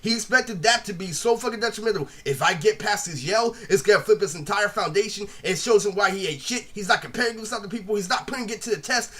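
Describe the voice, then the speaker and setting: A man rants at a rapid clip, rambling bluntly and swearing as he retells a quarrel. His voice is high for a man, bright and sharp-edged, and he keeps circling back to the same filler words. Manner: rambling, repeats "literally" constantly, blunt and profane. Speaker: vlogger retelling a feud. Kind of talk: ranting monologue.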